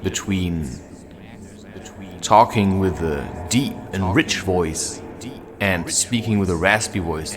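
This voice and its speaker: Slow-talking man rambling on a night walk. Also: low voice. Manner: meandering, self-interrupting, talks while walking. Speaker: vlogger. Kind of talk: rambling spiritual musing. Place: forest at night, outdoors. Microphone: handheld camera.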